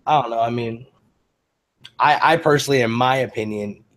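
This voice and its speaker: A man's voice: medium pitch, normal speed. Host: rambling foul-mouthed guy, mid voice. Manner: rambling, profane, restarts sentences. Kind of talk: casual chat.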